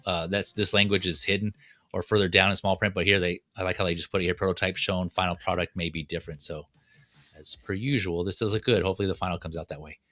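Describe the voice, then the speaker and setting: A man's voice: deep voice, steady tone, fast, a bit bright, no room sound. A man hosting a casual chat about collectible figures, walking through the details with plenty of fillers. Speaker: podcast host.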